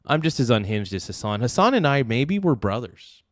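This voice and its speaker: A man's voice: mid-range voice, very animated, normal speed, dry recording, clean studio sound. A young man hosting a livestream, giving rambling, brash political commentary and calling people "dude". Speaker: livestream host.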